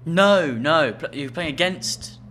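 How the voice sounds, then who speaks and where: Slightly high and a bit bright, this man's voice is animated yet slow, with a little background noise behind it. Co-hosting a podcast, he reads out listener emails with dry, wry wit in a casual comedic exchange.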